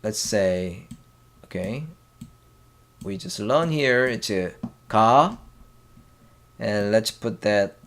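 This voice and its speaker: A man with a Korean accent teaching a language lesson in a slow, halting way, pausing often and drilling syllables aloud. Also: lowish voice, animated, fairly bright tone. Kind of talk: casual whiteboard lesson.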